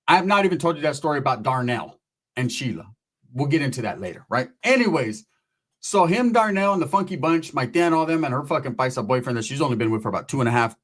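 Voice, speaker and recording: A man's voice: mid-range voice, slightly rough. A man telling rambling, profane comedy stories about his family, slipping into impressions of his relatives. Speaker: comedic storyteller. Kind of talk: casual comedic storytelling monologue.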